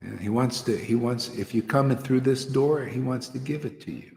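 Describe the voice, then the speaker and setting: Speaking at a moderate pace, this spiritual teacher has a mid-range, creaky, warm voice with a faint hiss or hum in the background. He leads a small group in a casual devotional talk, earnest and full of slang like "you know" and "man." A roomy echo fills the hall.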